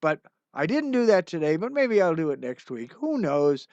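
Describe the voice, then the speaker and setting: Rambling older man, a touch high, chatting between songs. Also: big pitch swings, normal speed, no room sound. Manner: rambling, chatty, lots of "uh" fillers; warm, encouraging sign-off. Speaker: singer-songwriter hosting a livestream. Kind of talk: casual livestream chat. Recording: dull, muffled lo-fi sound with faint music.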